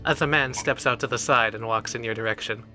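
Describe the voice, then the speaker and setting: Bright, animated male game master. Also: mid-range voice, fast, faint music behind. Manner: animated, laughs between lines. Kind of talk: narrating a tabletop game.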